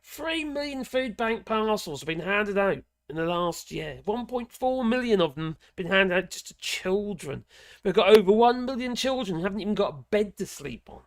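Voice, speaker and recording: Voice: mid-range voice, lively intonation, normal speed. A commentator from England talks over a clip with mocking running commentary. The tone is sarcastic and blunt, with casual swearing dropped in.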